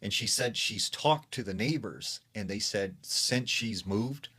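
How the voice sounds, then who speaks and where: A man's voice: fairly low pitch, unhurried, sharp tone, slightly rough. A man casually retelling a creepy true story in a chatty way, full of "like" and "she's like". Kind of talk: casual spoken scary story.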